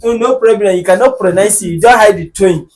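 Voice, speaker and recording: A man with a Nigerian accent hosting a podcast in casual chat, joking and animated, sometimes bursting into shouts. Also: high-pitched, brisk, low-quality recording. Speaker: podcast host.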